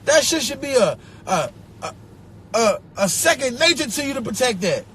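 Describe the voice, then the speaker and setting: A young man with a Philadelphia accent rants into his phone on a live stream, profane and repetitive. His voice sits very high and swoops widely as he talks. A faint noise runs under the phone recording. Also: moderate pace. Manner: animated, profane, laughs and repeats himself. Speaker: social media personality. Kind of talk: rambling live-stream rant.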